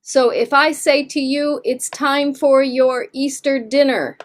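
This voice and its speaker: A woman's voice: high-pitched, slow. A woman English teacher leading a reading lesson, explaining words and praising her students. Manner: encouraging, explains words with Spanish glosses.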